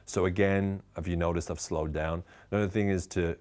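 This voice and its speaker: A man giving a tongue-in-cheek lesson to camera with a lively, emphatic, ironic delivery. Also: sits low, brisk. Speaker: speaker teaching communication skills.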